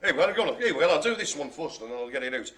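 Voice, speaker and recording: A man's voice: a little high, sing-song, racing, fairly bright tone. Jokey man calling bingo. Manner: jokey, playful, showman-like. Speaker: bingo caller and host. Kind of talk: live-streamed bingo hosting.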